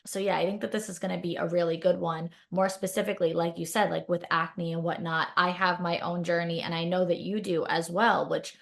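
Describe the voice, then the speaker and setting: A woman's voice: on the low side, little pitch movement, fairly quick, creaky, few pauses. A young woman hosting a podcast, chatting casually and often saying "like". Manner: casual, heavy "like" filler. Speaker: podcast host. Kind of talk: casual interview chat.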